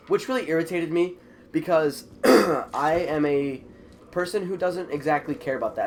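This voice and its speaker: A man's voice: a little high, a little hiss or hum. Sick teenage boy telling a school story. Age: teens. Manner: animated, retelling with quoted voices. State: sick, a bit congested. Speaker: vlogger. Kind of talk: casual storytelling.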